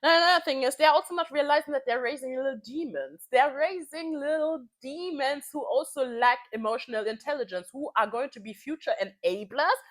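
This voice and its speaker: A woman's voice: high-pitched, brisk, few pauses. A woman in her twenties venting in a casual vlog, frank and heated, swearing freely and repeating phrases for emphasis. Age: 20s. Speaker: vlogger.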